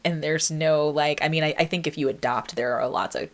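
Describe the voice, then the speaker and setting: A young woman with a low-pitched voice talks through a solo podcast episode. She is reflective and chatty, full of ums and likes, and she reads out her old song lyrics as she goes. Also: a little fast. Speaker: podcast host. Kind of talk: casual solo podcast monologue.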